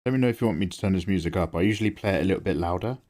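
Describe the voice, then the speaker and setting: A man draws on a live stream and chats casually to viewers in a deep voice, talking very fast into a close mic. He excites easily and swears freely along the way.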